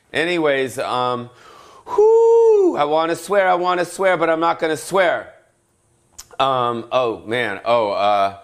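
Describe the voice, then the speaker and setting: A middle-aged man hosting a solo comedic podcast rant, rambling and profane, cutting himself off and now and then breaking into yells. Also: medium pitch. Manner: rambling, profane, self-interrupting, bursts of yelling. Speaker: podcast host.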